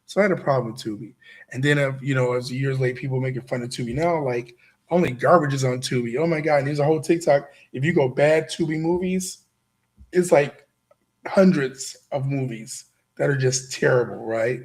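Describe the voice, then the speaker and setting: Hosting a show, this man delivers a motivational speech to a live audience in a mid-range voice that runs a little fast. His style is emphatic and repetitive, peppered with "right?" aimed at the crowd.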